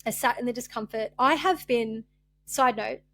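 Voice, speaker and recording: A woman's voice: fairly high pitch, moderate pace, a little hiss or hum. A young woman hosting a candid spiritual podcast monologue, rambling and open-hearted with many fillers, emotional and close to tears. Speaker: podcast host.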